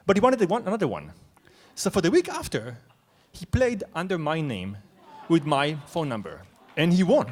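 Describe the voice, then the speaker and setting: A young man from Israel telling a true story on stage, animated, excitable and self-mocking. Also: on the high side, normal speed. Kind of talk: live storytelling. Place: stage at a live event.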